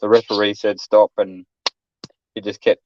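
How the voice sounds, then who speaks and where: A man's voice: mid-range voice, normal speed, dry recording. Australian guy, middle-aged, blunt yarn-spinner who swears a lot; muffled dry recording. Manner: blunt, swearing, acts out quotes loudly. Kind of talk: casual chat, storytelling. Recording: dull, dry lo-fi sound.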